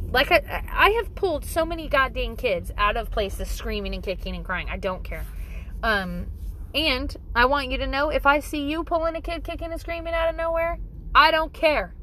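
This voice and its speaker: Blunt mom, 30s, emphatic and profane, slightly high voice; faint background noise. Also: female voice, a bit bright. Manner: blunt, emphatic, swears freely. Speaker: mother giving parenting advice. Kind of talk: casual talk to camera.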